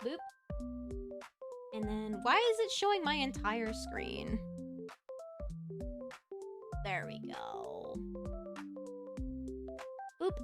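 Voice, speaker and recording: A woman's voice: medium pitch, huge pitch swings, very slow, creaky, long pauses, over music. A young woman hosting a casual livestream, chatting in a rambling way that often trails off. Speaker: streamer host. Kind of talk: casual livestream chat and reaction.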